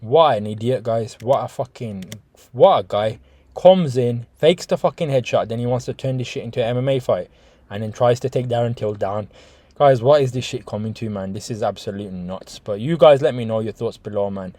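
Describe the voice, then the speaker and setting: A man's voice: medium pitch, normal speed, mellow, no echo. Swearing man ranting in a reaction video. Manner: heavy swearing, rambling with restarts, talks to viewers as guys. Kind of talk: casual reaction commentary.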